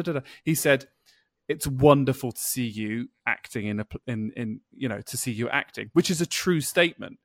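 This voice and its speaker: A man's voice: mid-range voice, fairly bright tone, no room sound, clean studio sound. A man hosting a casual podcast over a video call, telling stories and acting out quoted dialogue. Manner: chatty storyteller who acts out quoted dialogue. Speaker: podcast host.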